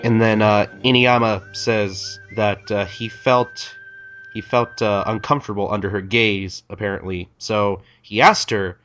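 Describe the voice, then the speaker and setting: A man's voice: on the low side, steady tone, fairly bright tone, dull audio, soft background music. A man co-hosting a podcast, casually retelling manga scenes with lots of ums and uhs. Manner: retells scenes with quick voiced quotes, many fillers. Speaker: podcast co-host. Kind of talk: casual chat recapping a manga.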